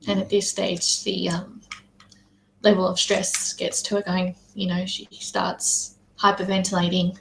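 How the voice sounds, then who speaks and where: A woman's voice: lowish voice, level tone, measured pace, creaky, fairly bright tone, slight background noise, poor audio. A woman playing in a tabletop game, speaking in a matter-of-fact way. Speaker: player.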